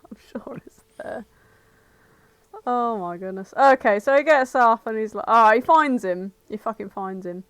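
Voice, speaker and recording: A woman's voice: moderate pace, hardly any pauses, no room sound. A woman, co-hosting a casual podcast chat and swearing freely as she retells a story. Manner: swears freely, acts out dialogue in a lowered voice. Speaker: podcast co-host.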